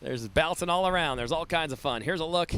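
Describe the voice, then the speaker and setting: A man's voice: a little high, brisk, a bit bright, a little hiss or hum. Upbeat man doing surf play-by-play. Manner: enthusiastic, laughs often. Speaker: surf commentator. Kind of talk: live sports commentary.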